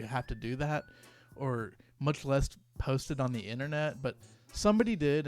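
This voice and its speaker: Rambling young man with soft music. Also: medium pitch. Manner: rambling, self-interrupting, reads posts aloud. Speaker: YouTuber. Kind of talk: comedic commentary.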